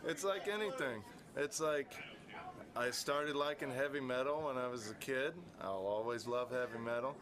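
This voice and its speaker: A man's voice: mid-range voice, moderate pace, a crowd in the background. A man chatting casually on a radio show, laughing easily. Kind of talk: casual chat.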